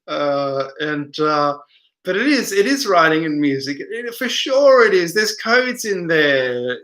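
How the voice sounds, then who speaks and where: A man's voice: on the high side, animated, slow pace, bright, forceful tone, reverberant. A tired man hosting a late-night live stream, reading viewer comments aloud and rambling in answer to them.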